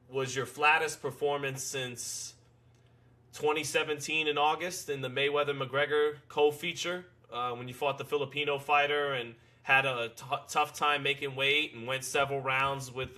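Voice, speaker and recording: A man's voice: mid-range voice, steady tone, normal speed. A middle-aged man hosting a casual boxing talk show, rambling and opinionated. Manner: rambling, laughing, doing loud announcer impressions. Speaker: podcast host.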